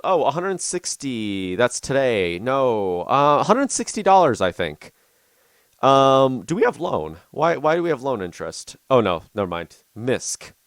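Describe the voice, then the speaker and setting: Hiccuping throughout, a male YouTuber rambles casually and says "um" a lot as he plays a farming game. His medium-pitched voice is a bit bright, and the recording has no room sound.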